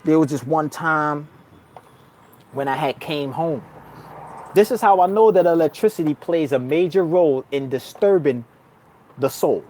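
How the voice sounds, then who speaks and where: A man with a New York accent telling a spiritual story in a casual, slangy monologue, calling the listener son and bruh. He swings between loud outbursts and low murmurs. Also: measured pace, pauses often, a little hiss or hum. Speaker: spiritual vlogger.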